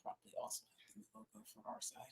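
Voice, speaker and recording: A woman's voice: rapid-fire, a little mellow. A woman co-hosting a casual livestream, teasing and finishing her partner's sentences. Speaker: co-host.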